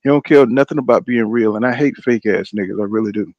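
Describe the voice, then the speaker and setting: A man's voice: lowish voice, fast, a little mellow, no room sound, lo-fi sound. Profane man hosting a boxing live stream. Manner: loose, profane, greets viewers by name. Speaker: boxing channel host. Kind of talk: casual live-stream commentary.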